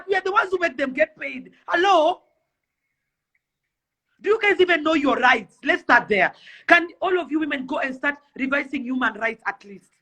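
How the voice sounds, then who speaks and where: A young woman with a Kenyan accent speaks in an impassioned rant to camera. Her voice is bright and sharp. She pleads and fires off rapid rhetorical questions. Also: high voice. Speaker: celebrity influencer.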